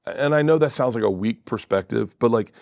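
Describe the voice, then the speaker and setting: A man's voice: mid-range voice, brisk, vocal fry, a little mellow, no echo, studio quality. A comedian in his fifties telling rambling stories as a guest, restarting often and swearing freely. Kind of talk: animated anecdote telling.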